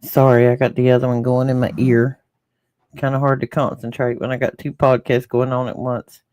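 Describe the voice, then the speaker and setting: A man's voice: mid-range voice, level tone, normal speed, a little mellow, dry recording. A man with a rural Southern American accent, a podcast co-host chatting casually with live viewers and reading their comments aloud.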